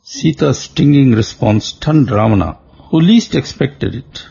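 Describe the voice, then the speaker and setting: A man giving a formal, deliberate scripted narration of an old legend. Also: mid-range voice, lively intonation, gravelly, dark tone, breathy edge, highs cut off. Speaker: storyteller.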